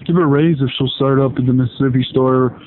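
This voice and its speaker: A man improvising a comedy phone skit, rambling and halting as he goes. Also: mid-range voice, fairly even intonation. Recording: tinny phone-like lo-fi.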